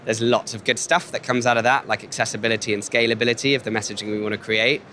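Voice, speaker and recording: A man representing a brand, answering in polished, measured sentences at a trade show. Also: medium pitch, steady tone, sharp tone, a little hiss or hum. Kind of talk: articulate interview answer. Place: exhibition hall.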